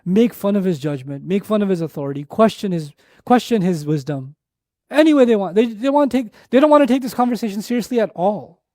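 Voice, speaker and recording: Animated high-voiced male lecturer. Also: no echo, clean studio sound. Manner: animated storyteller who recites Arabic verses quickly; repeats phrases for emphasis. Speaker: Islamic lecturer. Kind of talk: lecture explaining Quran verses.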